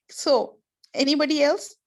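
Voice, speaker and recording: A woman teacher leads an online class over a video call. Her voice sits a little high, and she explains slowly and kindly, giving example after example.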